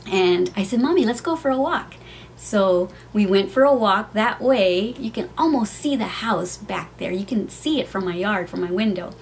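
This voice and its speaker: A woman's voice: medium pitch, slight background noise. A middle-aged woman vlogging from her home, telling a heartfelt personal story in a chatty way, with many fillers.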